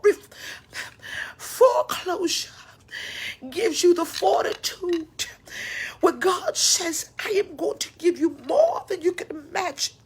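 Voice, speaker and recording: A woman's voice: very high voice, very animated, slow, pauses often. Woman pastor crying through a sermon. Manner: swings between whispers and cries, with breathy "huh" asides. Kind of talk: impassioned sermon. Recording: faint background noise, livestream.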